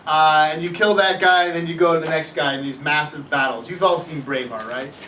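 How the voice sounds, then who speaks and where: A middle-aged male teacher giving a classroom history lecture, animated, often putting questions to his students. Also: a little high, brisk, a little hiss or hum. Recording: echoey classroom from far off.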